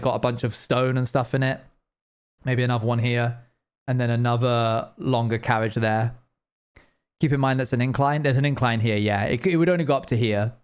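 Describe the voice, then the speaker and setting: A man's voice: mid-range voice, clear, resonant tone. A young man chatting casually and rambling while he plays a game on a live stream, laughing now and then.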